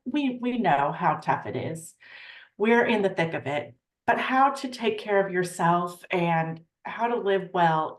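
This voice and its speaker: A woman's voice: lowish voice, roomy sound. A woman hosting a webinar, talking in a friendly, chatty way and a little flustered by technical trouble, over a computer microphone on a video call. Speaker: webinar host. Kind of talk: casual webinar introduction. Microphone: computer mic on a video call.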